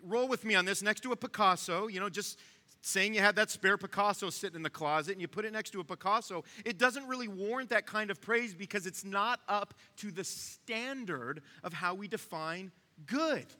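A man's voice: high-pitched, normal speed, bright, forceful tone, big-room sound. A man preaching a sermon in a conversational way, talking straight to his listeners. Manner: conversational, asks the room to follow along. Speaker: pastor.

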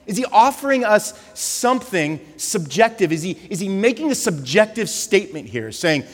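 A man preaching a sermon with passion, repeating words for emphasis and dropping softer for reflective passages. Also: sits high, sing-song, moderate pace, big-room sound. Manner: impassioned, repeats words when stressing a point. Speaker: pastor.

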